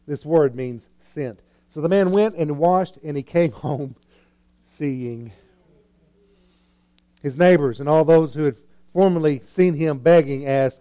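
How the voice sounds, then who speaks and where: A male preacher delivers a sermon in a high-pitched, warm, mellow voice. He tells the story dramatically, acting out the characters and shifting between hushed asides and loud, excited bursts. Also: a little slow. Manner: animated storytelling, acting out scenes with swings in loudness.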